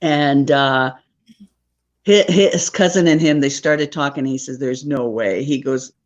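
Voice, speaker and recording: A woman's voice: rumbling low, a little slow. A woman, a podcast guest telling a story in a casual, rambling way and often checking in with "right?". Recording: dull lo-fi recording.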